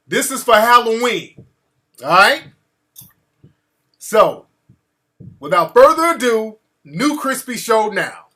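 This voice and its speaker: A man hosting a live stream, talking casually in relaxed street slang as he hurries the show along. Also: very high-pitched, slow pace, long pauses.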